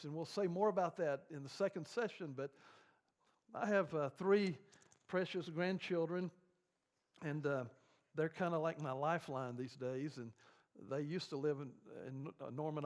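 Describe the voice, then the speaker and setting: A man's voice: a little high, moderate pace. An older man leading a church grief seminar, telling rambling, folksy stories full of fillers.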